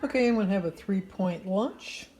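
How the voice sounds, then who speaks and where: A woman's voice: medium pitch, expressive, moderate pace, warm tone, faint music behind, rough recording. A woman chatting casually in a diary vlog at home, rambling and chatty with plenty of fillers. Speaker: vlogger.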